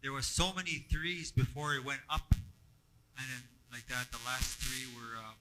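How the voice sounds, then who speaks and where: A man teaching a language workshop to a group, halting and repeating himself as he explains and asks the room questions. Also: medium pitch, little pitch movement, pushed and bright, a little hiss or hum, rough recording. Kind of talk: classroom teaching. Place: classroom.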